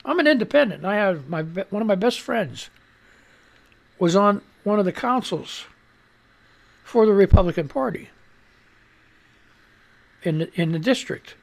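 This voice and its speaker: A man's voice: sits high, lively intonation, moderate pace, vocal fry, pauses often, darkish tone. A man hosting a live radio stream, rambling through casual news commentary with frequent swearing, restarts and stumbles over his words. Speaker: radio show host.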